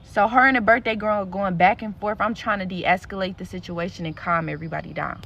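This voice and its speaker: A woman's voice: mid-range voice, fairly even intonation, fairly quick, gravelly, a bit bright, dull audio. A woman telling a story to her viewers in a vlog, blunt and profane, with lots of animation in her delivery. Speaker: content creator.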